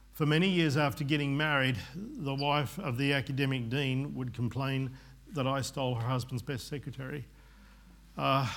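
A man's voice: medium pitch, vocal fry. Male pastor, fifties, earnest sermon delivery with rambling asides, mid-range voice.

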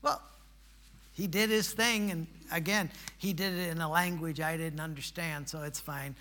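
High, bright-voiced preacher telling a story. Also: male voice, steady tone, moderate pace, slight background noise. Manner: builds to emphatic preaching peaks, folksy asides. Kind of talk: sermon storytelling.

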